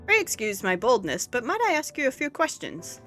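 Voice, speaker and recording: A woman's voice: on the high side, huge pitch swings, fairly quick, a bit bright, soft background music, voice pushed up. A woman voicing an earnest young male scholar who speaks in a formal, courteous way.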